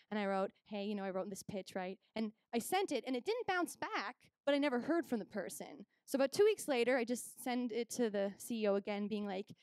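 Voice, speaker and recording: A woman's voice: a little high, clear, resonant tone, no echo, clean studio sound. A young woman from Canada doing a stand-up comedy set, telling stories and acting out both sides of each conversation. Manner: animated storytelling, acts out both sides of conversations.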